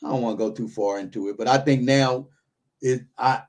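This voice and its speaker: Male host, casual opinion chat, rambling with frequent restarts, middle pitch. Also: fairly quick, darkish tone. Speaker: YouTuber, podcast host.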